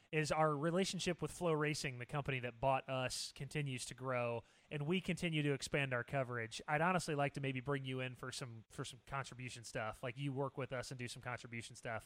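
A man's voice: mid-range voice, fairly bright tone, no echo. A man hosting a casual chat show, talkative and teasing his guests. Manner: chatty, teasing. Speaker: host.

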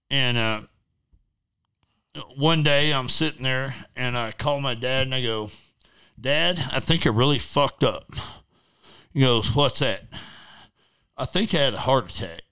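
A man's voice: medium pitch, a little slow, pauses often, bright, forceful tone, smooth. A middle-aged man, an interview guest, telling a personal story casually in a blunt, profane, rambling way.

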